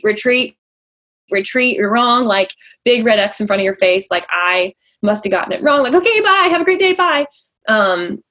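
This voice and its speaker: Chatty young woman telling a faith story. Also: medium pitch. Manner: chatty, many likes and fillers, acts out quoted lines. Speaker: pageant coach and podcast host. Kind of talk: personal faith story told to listeners.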